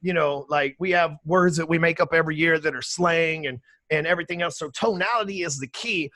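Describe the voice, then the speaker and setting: A man, talking emphatically and with high energy as a podcast guest, swearing casually. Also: brisk, sharp tone, dry recording. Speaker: podcast guest, sales trainer. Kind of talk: energetic interview talk.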